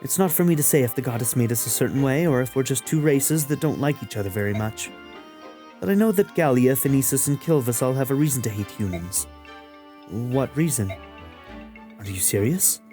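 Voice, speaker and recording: A man's voice: medium pitch, animated, brisk, warm tone, faint music behind, lightly acted. A man voicing an aloof, scornful female cat-beast warrior in a video game let's play, talking dry and scoffing.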